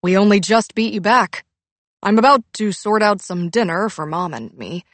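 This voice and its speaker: A woman's voice: mid-range voice, animated, normal speed, no room sound, close to an everyday voice. A woman reading the lines of a jovial, teasing middle-aged father in an audiobook, in a cheerful manner.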